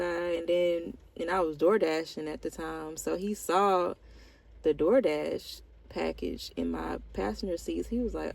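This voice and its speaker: A woman's voice: lowish voice, normal speed, vocal fry, a little mellow, low-quality recording. A woman vlogger talking candidly about her life in a rambling, heartfelt way, with lots of "like" fillers. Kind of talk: candid personal vlog confession.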